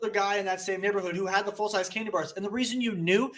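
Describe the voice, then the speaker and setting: A young man with a high voice tells a story on a podcast in an easygoing, animated way. He slips into the voices of the people he quotes as he goes. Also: racing. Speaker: podcast co-host. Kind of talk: casual storytelling chat.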